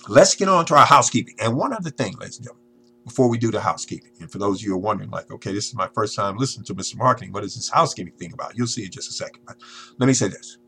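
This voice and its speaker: A man's voice: medium pitch, sharp tone, breathy edge. A man hosting a marketing podcast, speaking to his listeners in an emphatic, salesman-like monologue. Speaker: podcast host.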